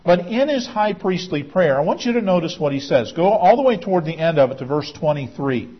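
A male pastor preaches a sermon earnestly, explaining each point and now and then restarting a word. His voice is husky and a little higher than most men's. The recording sounds dull and lo-fi. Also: big pitch swings, a little fast.

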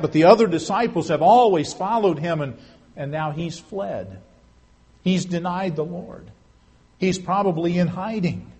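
A man preaching a sermon, telling stories earnestly, swelling loud and then dropping to a hush. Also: a little high, husky. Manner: earnest storytelling with emphatic swells and hushed drops. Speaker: pastor.

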